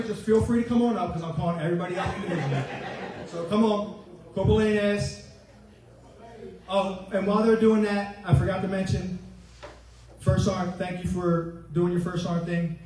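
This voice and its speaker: A retiring Marine master gunnery sergeant in his forties speaks at his own ceremony, joking and telling stories as he acts out his own past remarks. His voice sits a little high for a man. He is heard from far off in a very echoey hotel ballroom. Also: a little fast, a crowd in the background. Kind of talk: humorous ceremony speech.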